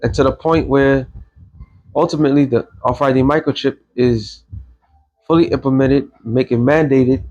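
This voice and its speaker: A man's voice: mid-range voice, steady tone, moderate pace, darkish tone, muffled recording. A man giving a casual, rambling religious commentary as an online host, blunt and quoting scripture.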